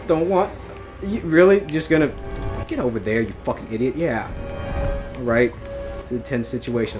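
A gamer giving live gameplay commentary, excitable, swearing often and breaking into yelps and laughs. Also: mid-range voice, moderate pace, pauses often. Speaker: let's play gamer. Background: game music.

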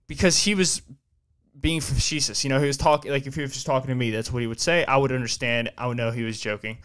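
A man's voice: medium pitch, fairly even intonation, quick pace, fairly bright tone, smooth. A young man hosting a podcast, telling a long story in a rambling, profane way, full of fillers and restarts. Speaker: podcast host. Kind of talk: casual storytelling chat.

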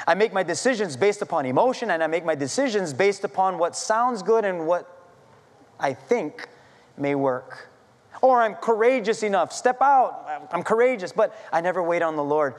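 High-voiced pastor telling a story. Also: male voice, in a large hall. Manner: animated storytelling with self-deprecating humor. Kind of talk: sermon. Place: church sanctuary.

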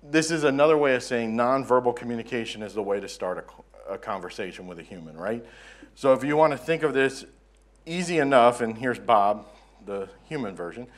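A man from the southern United States giving a relaxed, self-deprecating conference presentation in a conference room. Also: medium pitch, brisk. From Southern United States (Florida). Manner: conversational, self-deprecating, joking. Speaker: conference speaker.

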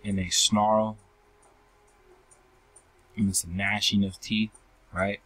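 In a dry recording of poor quality, a scripture teacher with a lowish, slightly bright voice speaks with little pitch movement. He reads verses and explains them slowly and repetitively, addressing listeners as family and asking "right?" at the end of nearly every phrase.

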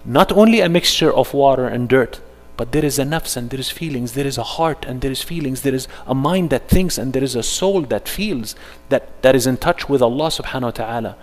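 Animated male religious teacher, reverberant hall. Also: mid-range voice, fairly quick, few pauses. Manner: animated, fires rhetorical questions at audience. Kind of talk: interactive religious workshop talk.

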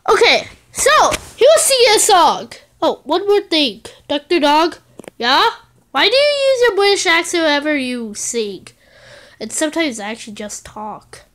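Very high, bright, slow playful woman. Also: very animated. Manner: playful, sing-song, switching between silly character voices. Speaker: plush toy video maker. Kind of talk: playful improvised plush skit.

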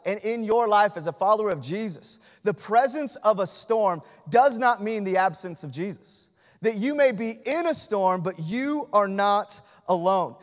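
A man delivers a sermon in a high, lifted voice. He repeats phrases for emphasis and moves between soft, hushed lines and loud, urgent ones. A long church reverb trails after every line. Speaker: pastor. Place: church sanctuary.

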